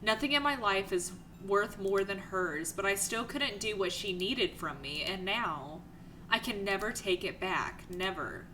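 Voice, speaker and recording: A woman's voice: medium pitch, animated, unhurried, bright, forceful tone, a little hiss or hum, rough recording. A young woman hosting a let's play, reading the game's text aloud between her own reactions.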